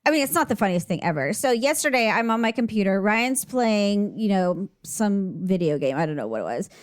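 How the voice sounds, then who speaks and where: A woman's voice: mid-range voice, brisk. A woman co-hosting a podcast, chatting casually and telling stories, acting out what others said. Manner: chatty storyteller, quotes others in lively voices. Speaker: podcast co-host. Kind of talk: casual chat.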